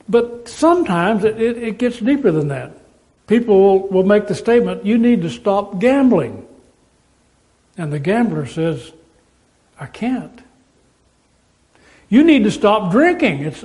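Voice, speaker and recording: A man with a fairly high voice preaches a sermon. He talks in an emphatic, repetitive way and pauses and restarts as he makes each point. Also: a little mellow.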